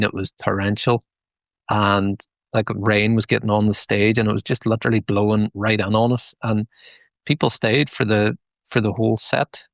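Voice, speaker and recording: A Northern Irish man in his thirties with a low, gravelly voice, telling loose stories as an interview guest. He rambles and restarts often in a relaxed, chatty way. The sound is dry and close. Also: dry recording. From Northern Ireland. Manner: rambling, many restarts and fillers, relaxed storytelling. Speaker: band frontman, interview guest. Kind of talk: casual interview chat.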